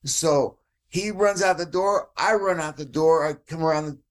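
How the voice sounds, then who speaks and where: A man on a podcast spins a wild fight story in a slightly high voice, swearing freely. He acts out what everyone said, jumping between voices. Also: moderate pace. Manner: animated, swears often, acts out quoted voices. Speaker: podcast guest, jiu-jitsu black belt. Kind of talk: casual storytelling chat.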